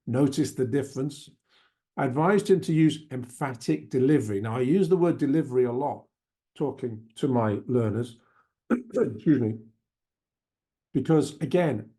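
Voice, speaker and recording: A man speaks as a language coach presenting a webinar to teachers. His voice sits at a medium pitch with a warm, mellow tone. He talks emphatically but conversationally, often restarting phrases and adding asides.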